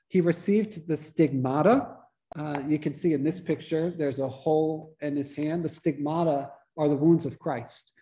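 A man, a priest, giving a relaxed, conversational teaching talk to a church study group, restarting his sentences often. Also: on the high side. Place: church meeting room.

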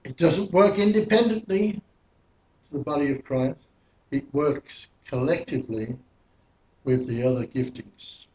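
A man's voice: a little high, a little slow, long pauses, a little mellow, muffled recording. A male preacher teaching a sermon verse by verse, putting questions to the congregation. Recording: echoey hall, mic at a distance.

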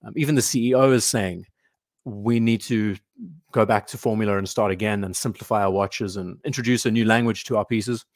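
A man's voice: lowish voice, fairly even intonation, fairly quick, no room sound, clean studio sound. A man hosting a live watch show, chatting casually, thinking aloud and answering comments from the chat. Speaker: watch channel host.

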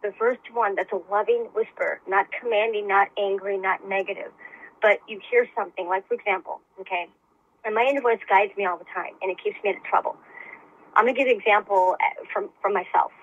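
A woman's voice: medium pitch, steady tone, brisk, slightly rough, highs cut off. A woman in her fifties, a podcast guest speaking earnestly in casual conversation and laughing often. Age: 50s. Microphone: remote call mic.

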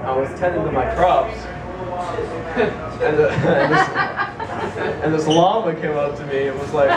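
A man's voice: a little high, measured pace, long pauses. A man doing a stand-up set, telling a rambling absurd story and giggling between lines. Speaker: stand-up comedian. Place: comedy club stage. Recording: echoey club from a distance, noisy.

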